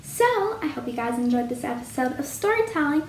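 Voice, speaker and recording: Animated woman storyteller reading a picture book, lively pitch, faint room hum. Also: fairly quick, reverberant. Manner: sing-song and animated.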